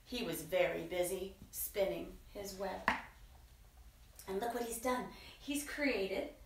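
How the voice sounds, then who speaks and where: A woman reading a picture book aloud to children in a playful, sing-song way, dipping into soft whispers. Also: medium pitch, takes it slowly, creaky, recorded from a distance, noisy background. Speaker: children's storyteller. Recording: roomy echo, voice from away from the mic.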